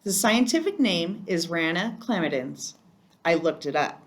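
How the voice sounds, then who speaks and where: A woman's voice: lowish voice, expressive, unhurried. A woman reading aloud, voicing a patient, proud schoolteacher wife in a children's story. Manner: patient, matter-of-fact. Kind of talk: children's book read aloud.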